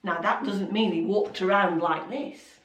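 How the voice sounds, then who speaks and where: A woman telling a Bible story to children in an expressive, dramatic way. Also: medium pitch, a little slow. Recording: echoey room, voice from a distance.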